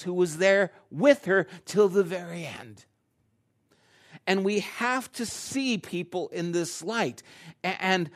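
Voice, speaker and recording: Older man preaching a story-driven sermon. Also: sits high. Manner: storytelling, acting out his own dialogue; drops to a hushed, quiet delivery. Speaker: pastor.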